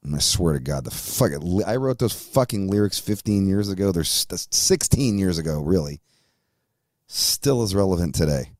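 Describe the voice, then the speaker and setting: Deep-voiced, profane ranting host. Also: male voice, animated, normal speed, a little mellow, no echo, clean studio sound. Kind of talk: ranting podcast talk.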